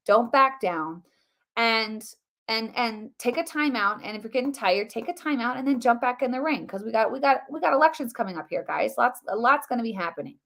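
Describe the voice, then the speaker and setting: A middle-aged woman hosting a live political commentary stream, talking casually and animatedly with lots of restarts and fillers. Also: fairly high pitch. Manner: animated, rambling, many restarts and fillers, addresses viewers as guys. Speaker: host of a political commentary livestream.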